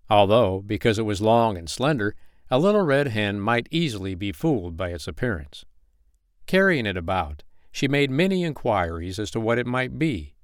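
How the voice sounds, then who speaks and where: A man reading a bedtime story aloud as a podcast host, with gentle, expressive storybook narration. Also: lowish voice, no echo, clean studio sound.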